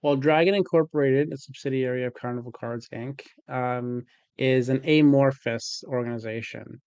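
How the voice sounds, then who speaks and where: A man's voice: creaky, darkish tone, dry recording, lo-fi sound. A man playing a tabletop game, talking in character in a rambling, playful way like a company boss. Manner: rambling, playful pitch as a self-styled CEO. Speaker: player.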